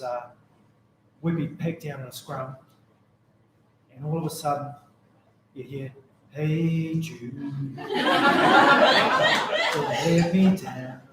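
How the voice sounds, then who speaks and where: A man with a New Zealand accent shares rambling, humorous stories in a memorial speech. His voice sits at a middle pitch for a man. The recording is very echoey, with a faint hum of ambience behind him. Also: a little mellow. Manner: rambling, jokey anecdotes. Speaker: mourner giving a tribute. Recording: very echoey room.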